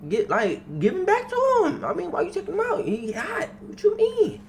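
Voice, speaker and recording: A young man in his twenties hosting a reaction video, animated, slangy and swearing freely. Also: extremely high pitch, moderate pace, vocal fry, a little hiss or hum. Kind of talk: casual reaction commentary.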